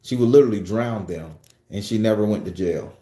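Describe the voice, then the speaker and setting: A man chats on a livestream from a room at home, swearing freely and joking as he reads out viewer comments. His voice is mellow and warm, and the room adds a noticeable echo. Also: on the low side, a little fast. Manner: loose, profane, joking storytelling. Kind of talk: casual livestream chat.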